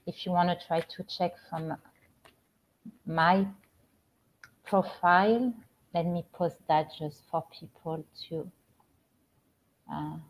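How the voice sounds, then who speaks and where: A middle-aged woman with a French accent, a spiritual coach hosting a casual live stream from home, talking gently with many halting restarts. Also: lowish voice. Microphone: computer or phone camera on a live stream. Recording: slightly dull lo-fi stream audio.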